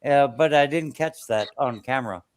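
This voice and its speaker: A man chatting as a guest on a stream, hesitant and halting, dropping dry jokes. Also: medium pitch. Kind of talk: casual chat.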